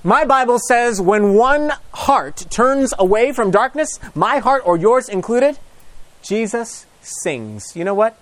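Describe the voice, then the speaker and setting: A man preaching a storytelling sermon, acting out gospel scenes, now booming, now hushed. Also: a little slow, hardly any pauses, no echo. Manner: animated, acts out gospel scenes with shifting pitch and hushed lines.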